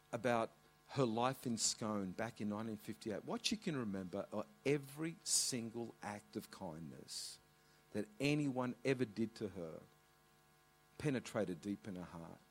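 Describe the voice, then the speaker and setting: A man's voice: mid-range voice, normal speed, a little hiss or hum. A middle-aged man, a pastor telling a family story in his sermon, often restarting with "and so". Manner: animated, repeats "and so".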